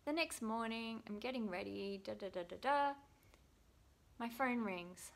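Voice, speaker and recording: A woman's voice: on the high side, measured pace, gravelly. Self-mocking woman telling stories. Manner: self-deprecating storytelling, lively, acts out quotes. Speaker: vlogger. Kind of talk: casual chat to camera.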